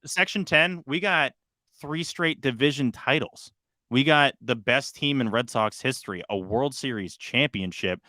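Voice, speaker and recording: A young man co-hosting a casual sports podcast, excitable and swinging between loud bursts and quieter asides. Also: medium pitch, unhurried, no room sound, studio quality. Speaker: podcast co-host.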